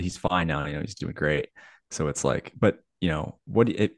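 A man's voice: low-pitched, no room sound. A man co-hosting a podcast, reacting and asking follow-up questions in a casual, reflective way. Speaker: podcast co-host. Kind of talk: casual interview chat.

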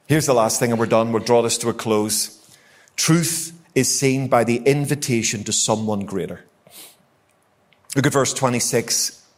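A man's voice: medium pitch, unhurried. A man with a Northern Irish accent preaching a sermon to a church congregation, emphatic and repetitive, asking the room rhetorical questions. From Northern Ireland. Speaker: guest preacher. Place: church hall, live congregation.

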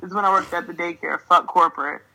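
A young New Jersey woman hosting a podcast tells a story in casual chat, ranting animatedly, swearing freely, and laughing often. Her voice is lowish, fast, and creaky, captured on a low-quality recording.

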